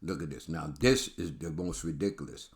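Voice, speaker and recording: A man's voice: extremely low pitch, normal speed. A man hosting a celebrity commentary channel, ranting bluntly with profanity and lots of repetition.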